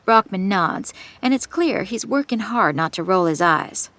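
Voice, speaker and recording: A woman's voice: mid-range voice, expressive, unhurried, a bit bright. A woman narrating in the first person with tense, suspenseful delivery, on a close studio mic. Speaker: audiobook narrator.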